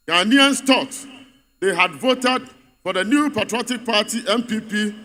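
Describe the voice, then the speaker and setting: Man, rally speech, high bright voice, emphatic oratory, reverberant hall. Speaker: political speaker at a party congress. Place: large congress venue.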